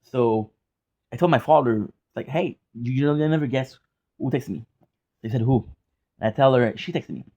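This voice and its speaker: A man's voice: medium pitch, moderate pace, long pauses, warm tone, dull audio. A young man chatting casually in a vlog from his apartment, rambling with restarts and casual swearing. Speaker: gaming vlogger. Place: hot apartment.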